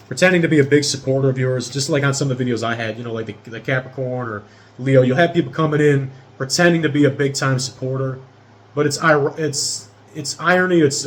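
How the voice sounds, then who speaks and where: A man in his thirties with a mid-range voice gives a casual tarot reading directly to his viewers, rambling and profane. There's slight background noise.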